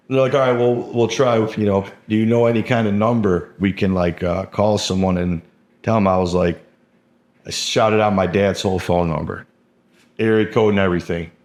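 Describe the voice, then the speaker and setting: A man's voice: low-pitched, darkish tone. A young man telling his own story in a casual, rambling way, full of fillers and swearing. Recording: roomy echo.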